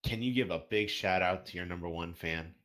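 A man hosting a casual podcast, reading listener questions aloud in a lively, animated way. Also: low voice, a little fast.

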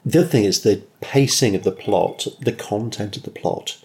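A man's voice: fairly low pitch, normal speed, a little mellow. A man co-hosting a podcast, dry and wry in a casual review chat. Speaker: podcast co-host.

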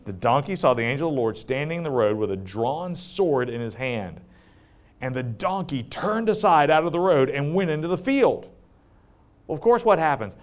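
A man preaching a sermon, retelling scripture in a conversational way with joking asides and laughter, and dropping low and slow when he reads the text. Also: expressive.

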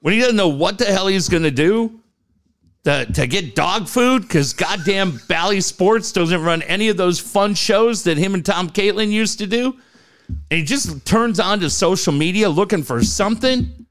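High-pitched guy ranting on sports radio, swinging all over, swearing and mocking. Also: animated, moderate pace. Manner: loud, sarcastic, swearing, mocking. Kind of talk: profane sports talk rant.

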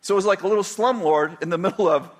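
A man's voice: high voice, fast. An older man from California telling a personal story in a rambling way, with many restarts and chuckles. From California, USA.

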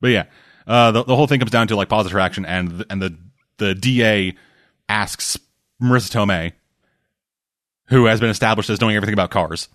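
A man's voice: lowish voice, brisk, pauses often, no room sound, studio quality. A man chatting casually about movies and shows, rambling and swearing, with lots of restarts. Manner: rambling, profane, acts out quotes loudly.

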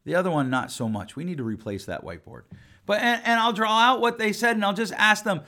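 His high-pitched voice sounds animated, quick, pushed and bright. He is a man in his forties, a family therapist who hosts a podcast, chatting casually, bluntly and with emphasis.

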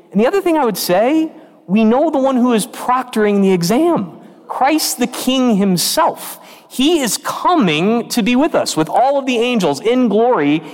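A man preaching a homily as parish priest, telling stories with animated quoted voices, recorded in a church. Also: high-pitched. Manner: storytelling with lively quoted voices. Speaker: pastor. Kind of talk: sermon. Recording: long reverb of a church.

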